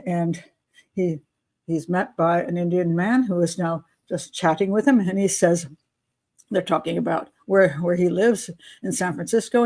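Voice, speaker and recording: A woman's voice: lowish voice, vocal fry, a little mellow. An older woman from the United States hosting an advice show, talking in a chatty, unscripted way with asides. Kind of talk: casual advice monologue.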